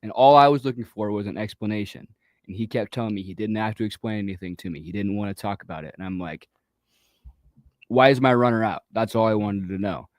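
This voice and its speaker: A man's voice: lowish voice, quick pace, a little mellow, dry recording. A man who coaches youth baseball, telling a story in casual chat and acting out the quoted exchanges with animation. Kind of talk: casual storytelling on a talk show.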